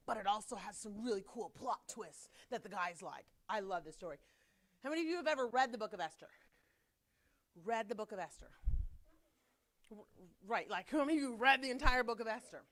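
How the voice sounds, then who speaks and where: A woman teaching a children's Sunday school class, bubbly and teasing, talking fast as she jokes with the kids. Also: on the high side, expressive, a bit bright. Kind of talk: children's class, lively and playful.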